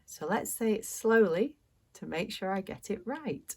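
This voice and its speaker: A British woman leads an English pronunciation lesson at a very unhurried pace. She enunciates each word carefully and leaves gaps for learners to repeat. Her pitch sits in an ordinary middle range. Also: expressive, mellow. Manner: clear, deliberate enunciation with pauses for repetition. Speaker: English teacher.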